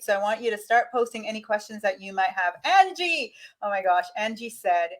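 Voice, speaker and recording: A woman's voice: medium pitch, a bit bright. Motivational woman coaching live viewers. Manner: enthusiastic, motivational, speaks straight to viewers. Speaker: host, money mindset coach. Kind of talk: live online coaching session.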